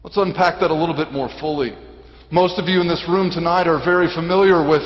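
A man with a fairly high voice preaches a sermon in a church sanctuary. He swings from emphatic declarations to quiet, hushed phrases. The recording is muffled and lo-fi, and his words ring out with a long hall reverb. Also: brisk. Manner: dramatic preaching with sudden drops to a hush. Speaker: pastor.

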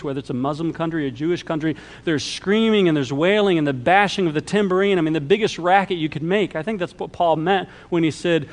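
A man delivers a sermon in a fairly high voice, dropping to a hush and then rising to loud, emphatic lines. He acts out the quoted words as he preaches. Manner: dynamic preaching, swings from hushed to loud. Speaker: pastor.

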